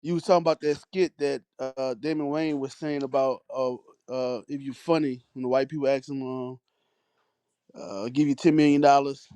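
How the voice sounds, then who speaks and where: A man co-hosting a casual live stream chat, talking in a loose, halting way. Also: mid-range voice, steady tone, dark tone, clear, resonant tone, no echo. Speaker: co-host.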